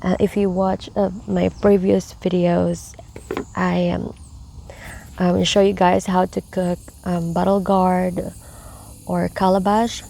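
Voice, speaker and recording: A woman hosting a gardening vlog outdoors in her backyard garden, talking softly with many fillers and often dropping to a whisper. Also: on the low side, flat delivery, takes it slowly, vocal fry, slight background noise. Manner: soft-spoken, slips into whispers, many fillers. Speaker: gardening vlogger. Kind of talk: casual harvest walkthrough. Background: crickets and insects.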